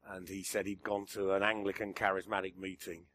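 A man preaching a sermon, swinging between emphatic lines and a hushed near-whisper, chuckling at his own jokes. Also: low-pitched, little pitch movement, fairly quick, a little hiss or hum. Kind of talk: sermon to a church gathering.

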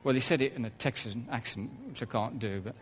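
Man, preacher, relaxed conversational sermon, mid-pitched voice. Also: fairly quick, slightly rough, rough recording. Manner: conversational, with soft laughs and asides.

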